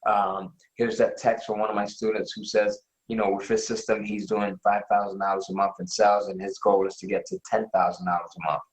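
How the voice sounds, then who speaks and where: A man hosting a live webinar sales pitch. He talks with enthusiasm and keeps checking in with a quick "right?". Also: level tone, roomy sound, low-quality recording. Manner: enthusiastic, repeats "right?" often. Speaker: webinar host.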